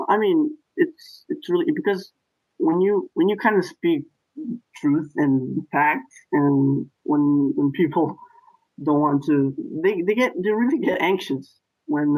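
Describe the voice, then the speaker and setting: A man's voice: on the high side, dull audio. Hesitant male caller. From Portugal. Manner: hesitant, stammering.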